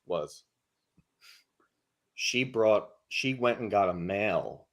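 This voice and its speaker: Man telling a wild story on a podcast, lively pitch, swears freely, acts out quotes. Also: takes it slowly. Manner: animated, profane, acts out quotes. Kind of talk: casual storytelling.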